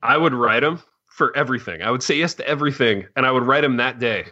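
A laid-back man co-hosts a podcast with a bright, forceful voice. He jokes around and tosses in casual slang, and the sound comes across a little dull and lo-fi. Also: mid-range voice, fast. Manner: jokey, laid-back, says dude a lot. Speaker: podcast co-host. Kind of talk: casual chat.

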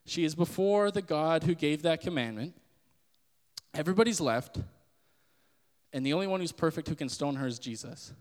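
A young man hosting a podcast, giving a casual sermon-style Bible talk in an animated way and acting out the voices he quotes. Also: fairly high pitch, normal speed, pauses often, in a large hall. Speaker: podcast host.

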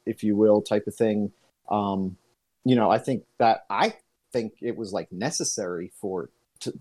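A man in a casual podcast chat, speaking hesitantly with halting restarts. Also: lowish voice, dark tone.

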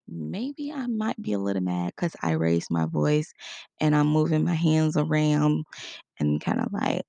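Woman with a heavily creaky voice. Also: low voice, big pitch swings, unhurried, dark tone, dry recording. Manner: conversational, acts out example quotes. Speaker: instructor. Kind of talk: casual spoken lesson.

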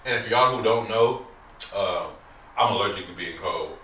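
A man's voice: lowish voice, moderate pace, sharp tone. A man hosting a casual chat, talking in a loose, joking, slangy way. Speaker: podcast host. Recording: roomy, distant mic with faint hiss.

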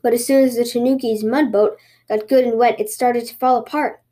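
A woman podcast host reading a folktale aloud in a lively storytelling way. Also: a little high, fairly quick.

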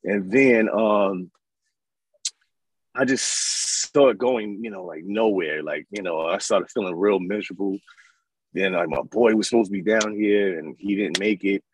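A man in his thirties from New York, telling his life story as an interview guest in an animated, casual way. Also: fairly low pitch, measured pace, husky, no room sound, rough recording. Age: 30s. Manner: animated, acts out voices in his stories.

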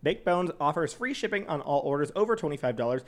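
A man's voice: on the high side, lively intonation, quick pace. A man co-hosting a casual podcast, laughing often and reading an ad. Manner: giggly, playful, laughs often. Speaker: podcast co-host. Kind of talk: casual chat with ad read.

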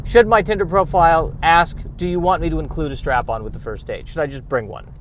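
A man hosting a solo comedy podcast from his car, wry and self-deprecating, breaking into loud exasperated rants. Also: on the high side, fairly quick, a little hiss or hum. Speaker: podcast host. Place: in a car while driving and parking.

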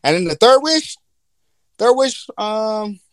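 Animated, profane man in casual chat. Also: sits high, slow pace, no echo.

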